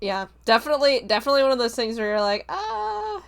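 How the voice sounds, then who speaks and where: Chatty woman podcaster with a higher voice. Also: rapid-fire, smooth. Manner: chatty, animated, casual swearing, lots of "like". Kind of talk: casual TV discussion chat.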